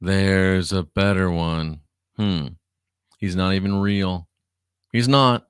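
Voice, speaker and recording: A man's voice: low voice, fairly even intonation, takes it slowly, clean tone, no echo, clean studio sound. A man who used to be a minister hosting a livestream, drawling sarcastically while he reads viewer comments aloud. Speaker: online show host, former minister. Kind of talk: livestream commentary reading chat.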